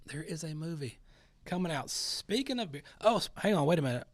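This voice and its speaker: A man's voice: a little high, very animated, brisk, no room sound. A middle-aged man hosting a talk show, ranting in a sarcastic, casual way and mocking the people he describes. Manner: sarcastic, mocking imitations of others. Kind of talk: casual opinion monologue.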